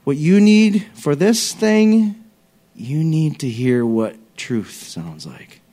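A male pastor preaches in a relaxed, conversational way. His voice drops soft for quiet moments and lifts for emphasis, and now and then he slips into acted voices. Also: on the high side, slow pace. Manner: conversational, acts out voices, varies loudness. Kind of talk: sermon.

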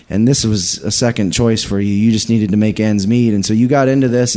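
A man's voice: medium pitch, warm tone. A man telling a long faith story to a church, with many restarts, acting out the people he quotes. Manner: rambling, many restarts, acts out quoted voices. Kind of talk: animated storytelling in a church service.

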